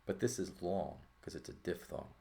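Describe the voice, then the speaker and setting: A man teaching a language lesson in a relaxed walkthrough, thinking aloud and often checking in with "right?". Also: low voice, normal speed, vocal fry. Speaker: Greek teacher.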